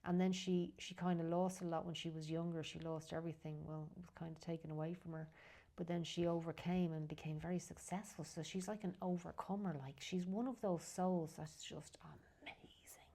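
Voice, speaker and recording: A woman's voice: on the low side, flat delivery, fairly quick, few pauses, warm tone. A woman speaking as a guest in a candid conversation, emotional and frank, sometimes dropping almost to a whisper. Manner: emotional, heartfelt, drops to a near whisper at times; frank, occasionally swears.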